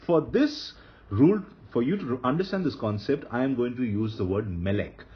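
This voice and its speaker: A man teaching grammar rules in a slide-based lecture, speaking slowly and repeating the key rules for emphasis. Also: mid-range voice, lively intonation, muffled recording.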